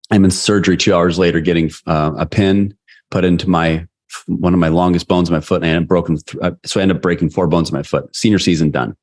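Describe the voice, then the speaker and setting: A middle-aged man with a very low voice tells a personal story as a podcast guest. He is animated and drops into the voices of the people he quotes. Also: fast talker. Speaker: guest, sales leader and coach.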